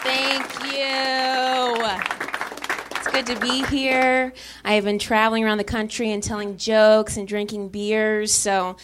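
A woman performing stand-up in a comedy club, telling relaxed, self-deprecating stories. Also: mid-range voice. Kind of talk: stand-up set. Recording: live club recording, crowd noise.

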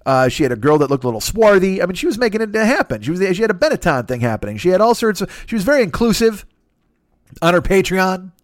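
Fast, rambling profane man. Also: very animated, no echo. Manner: rambling, profane, mimics others in high voices. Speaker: podcast host. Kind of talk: crude comedic monologue.

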